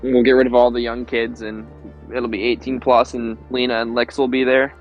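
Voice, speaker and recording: A man appearing as a guest on a casual gaming podcast, joking around and quick to laugh. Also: mid-range voice, level tone, highs cut off, soft background music.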